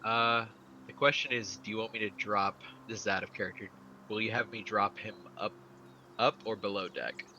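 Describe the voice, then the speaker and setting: Bright, low-voiced man playing a tabletop game. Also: steady tone, normal speed, dull audio, slight background noise. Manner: casual, thinking aloud. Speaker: player. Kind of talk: casual tabletop game play.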